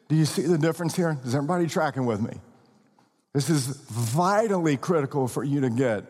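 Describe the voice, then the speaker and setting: A man preaching a sermon, stressing words slowly and often checking that the congregation follows. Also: fairly high pitch, a little mellow, big-room sound. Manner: emphatic preaching with slow drawn-out stresses and questions to the congregation. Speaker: pastor.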